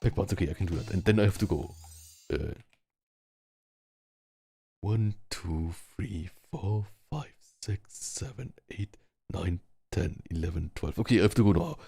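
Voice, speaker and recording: A man with a German accent and a very deep, gravelly voice chats casually over a headset. His mellow, slightly husky tone sounds dry and close. He rambles with loads of fillers and tries out words aloud. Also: a little slow, no room sound. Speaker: VR social game player. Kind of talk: casual chat. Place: online virtual world, speaking from home.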